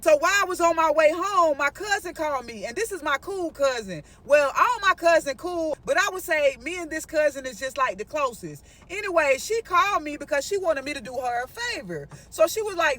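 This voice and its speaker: A woman vlogger telling a story in an animated, sassy and dramatic way, speaking straight to her viewers. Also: high-pitched, fairly quick, few pauses, far from the mic.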